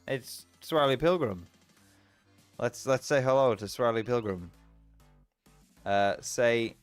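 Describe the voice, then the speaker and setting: A man's voice: mid-range voice, slow, long pauses, clear, resonant tone, no echo, soft background music. A man streaming a text adventure game, reading its story aloud and reacting playfully, often laughing.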